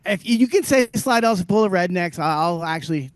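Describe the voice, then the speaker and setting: A man from the American South co-hosting a podcast, ranting profanely with big swings in loudness. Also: high voice, lively intonation, brisk, no room sound. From Southern US (Louisiana). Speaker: podcast co-host, comedian. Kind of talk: casual chat.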